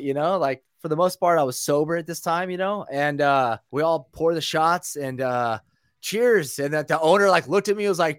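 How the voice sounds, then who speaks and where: Profane, animated storytelling man. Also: fairly high pitch, fairly quick, no echo, clean studio sound. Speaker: DJ guest. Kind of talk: casual storytelling chat.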